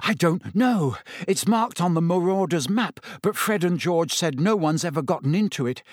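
A man's voice: fairly high pitch, lively intonation, normal speed, dry recording, studio quality, voice pushed up, lightly acted. A man voicing a brave teenage schoolboy wizard, speaking tensely and urgently.

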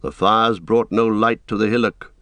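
A man narrating an audiobook in a measured, steady storytelling manner. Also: fairly low pitch, dry recording. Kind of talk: scripted narration.

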